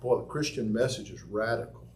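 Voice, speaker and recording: A man preaching a sermon in a church, animated and folksy, acting out crowd voices with big jumps in his voice. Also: lowish voice, a little fast, slight background noise, rough recording. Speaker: pastor.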